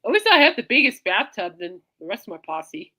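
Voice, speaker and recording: A podcast host speaks briskly at a medium pitch, rambling through stories in a casual conversation on her own show. She's a lively storyteller who moves between loud and quiet, and she addresses listeners as "people."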